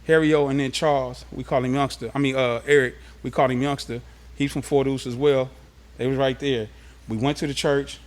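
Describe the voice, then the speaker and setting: Man from los angeles, interview guest, casual streetwise storytelling, mid-pitched voice.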